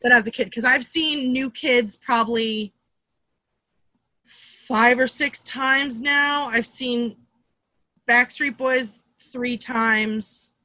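A woman in her thirties from the Boston area, a comedian guest telling quick, animated stories and acting out what people said. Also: fairly high pitch, no echo. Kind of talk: casual storytelling chat.

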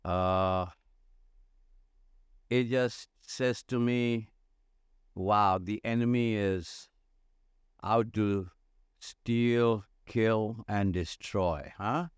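A man's voice: on the low side, very slow, pauses often, clear, resonant tone, no room sound, studio quality. A middle-aged man, a church leadership consultant, talking earnestly in a podcast interview and repeating phrases for emphasis.

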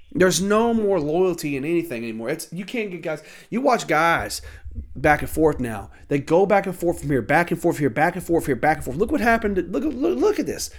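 A man in his thirties ranting alone about college sports, swearing often, irritated and heated, with sudden loud outbursts. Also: a little high. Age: 30s. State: annoyed. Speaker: sports talk host. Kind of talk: solo sports rant.

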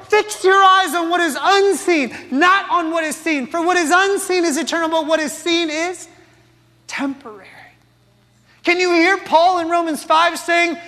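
Impassioned high-voiced preacher in a hall. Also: male voice, bright, forceful tone. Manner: impassioned, rhetorical questions to the congregation. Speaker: pastor. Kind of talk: sermon.

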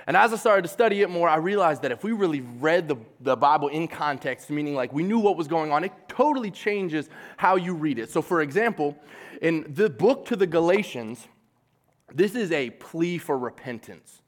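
A man preaching a sermon in a casual, animated way, acting out quoted voices. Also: fairly high pitch, fairly quick.

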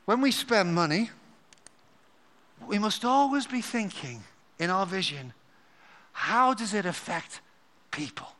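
High bright preacher man. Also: slow, pauses often. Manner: animated, shifts from loud to hushed confiding. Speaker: pastor. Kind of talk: sermon. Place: church auditorium, live.

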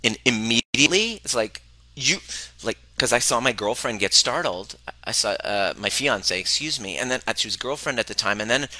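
A man's voice: mid-range voice, lively intonation, moderate pace, sharp tone, no echo, low-quality recording. A man coaching a live group on relationships, speaking emphatically and bluntly, swearing freely and repeating phrases for emphasis. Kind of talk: motivational talk to a live group.

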